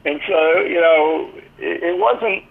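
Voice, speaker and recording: Slow and creaky, with a slightly high pitch, an older man speaks as a guest in a casual interview. The former team athletic trainer and author tells rambling stories full of "you know," and the call sounds tinny, like a phone line.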